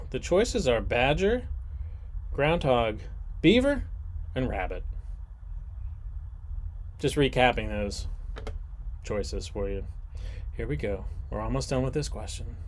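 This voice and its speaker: A man in his forties hosting an online trivia game, joking and rambling between questions. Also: mid-range voice. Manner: jokey, rambling asides, animated.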